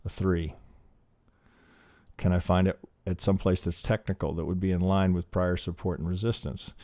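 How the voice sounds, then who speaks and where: A man's voice: low-pitched, flat delivery, moderate pace, dark tone, dry recording. A man teaching trading while he works through a chart, rambling and profane, thinking aloud with many restarts. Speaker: trading educator. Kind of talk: live chart analysis lesson.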